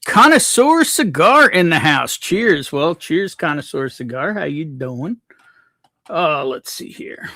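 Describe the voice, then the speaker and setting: A man's voice: on the high side, big pitch swings, takes it slowly, pushed and bright, no room sound, clean studio sound. A man hosting a casual livestream, reading out viewers' names from the chat and greeting them one by one. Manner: reads chat names aloud, laid-back. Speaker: livestream host.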